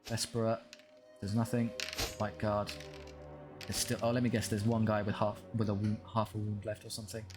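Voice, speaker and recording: Over game music, a young gaming channel host narrates his own strategy game through a desk microphone, wryly frustrated as he talks to his units. He has a lowish voice with little pitch movement and a moderate pace.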